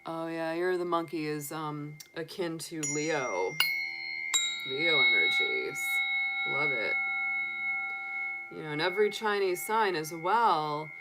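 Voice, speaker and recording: A woman's voice: sits low, takes it slowly, pauses often, heavy background noise. A woman hosting a casual tarot livestream, chatty and cheerful, greeting viewers by name as she chats along. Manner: cheerful and enthusiastic. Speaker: tarot reader and livestream host.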